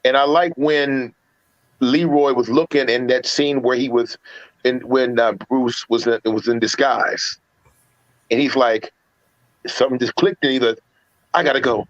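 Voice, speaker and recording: A man chats about movies on a livestream, retelling scenes with lots of restarts and jumping high into voices when he quotes characters. His voice sits at a middling pitch. The audio is dry and a bit dull, like a lo-fi stream mic. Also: unhurried, no echo. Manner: animated storyteller, acts out movie quotes, many restarts. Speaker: podcast panelist reviewing films. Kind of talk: casual livestream chat.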